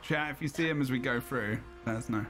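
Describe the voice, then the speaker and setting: A man's voice: medium pitch, a little fast. A man hosting a gaming podcast, easygoing and chatty, laughing often as he talks. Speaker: podcast host. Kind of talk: casual gaming chat. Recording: loud game music behind.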